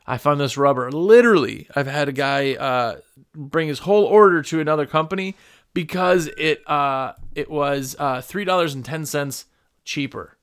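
Speaking at a moderate pace, this window-cleaning podcast host has a clear, resonant voice that sits on the high side and sounds fairly bright. He rambles casually at his computer microphone, offering business tips and playing out customer calls.

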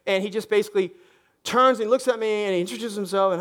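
This is a man preaching a sermon from a church stage. His voice sits very high for a man, and he keeps it animated and joking throughout. He breaks into short acted-out voices to make the congregation laugh. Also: fast. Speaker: pastor.

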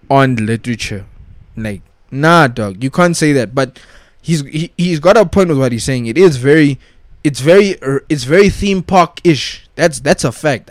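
A man's voice: medium pitch, no echo. A young man, ranting casually as a podcast host, full of slang, restarts and repeated "bruh" and "dog". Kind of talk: casual rant about pop culture.

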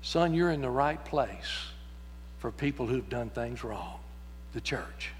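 A man preacher voicing a kindly old man who gently reassures a boy, in a long church reverb. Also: mid-range voice, lively intonation, slow pace, a little hiss or hum, voice pushed down. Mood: gentle. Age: older.

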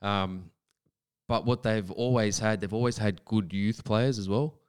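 A man co-hosts sports talk radio as a football pundit, with a very resonant, smooth voice that sits a little low. He gives measured analysis, thinking aloud with "um" fillers and restarts. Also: darkish tone.

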